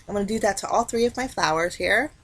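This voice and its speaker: A woman talking casually through a card-making tutorial, explaining each step in a relaxed, chatty way. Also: medium pitch, quick pace, husky. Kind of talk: casual craft tutorial narration.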